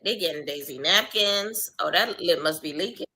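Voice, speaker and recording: A woman with a Southern US accent streams her reactions to a reality show live. Her voice is very bright and cutting, and her slangy, animated commentary is broken up by frequent laughs. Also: on the low side, normal speed.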